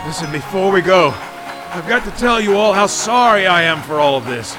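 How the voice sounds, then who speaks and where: A man's voice: high-pitched, expressive, moderate pace, over music. A man playing an earnest, apologetic camper owner in a radio drama.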